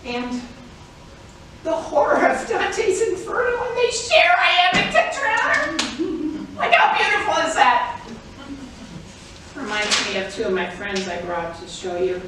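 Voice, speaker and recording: Older woman author, slow and animated, laughing through her talk; very echoey room, mic far off. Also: high voice. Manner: lively and chatty, laughing often. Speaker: author giving a performance talk. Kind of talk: informal performance talk. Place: public library event room. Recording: very echoey room, distant mic, faint noise.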